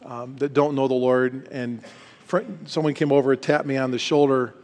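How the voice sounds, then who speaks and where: A middle-aged man giving a casual, story-driven sermon at a retreat, folksy and self-deprecating with quick asides. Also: mid-range voice, little pitch movement, darkish tone. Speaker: retreat speaker. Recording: long reverb hall.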